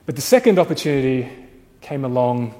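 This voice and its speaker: A pastor telling a story in a sermon, dramatic, shifting from hushed to loud. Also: male voice, medium pitch, lively intonation, fairly quick, big-room sound.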